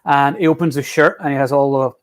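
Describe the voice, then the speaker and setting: A man's voice: medium pitch, fairly even intonation, fast talker. A man with a Scottish accent hosting a casual chat. He rambles and restarts his sentences often. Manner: rambling, with many restarts and fillers. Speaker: podcast host.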